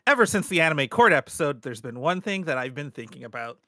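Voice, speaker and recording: A man co-hosting a podcast, reading a listener letter aloud in an animated, emphatic way. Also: on the high side, quick pace, no echo, clean studio sound. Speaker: podcast co-host.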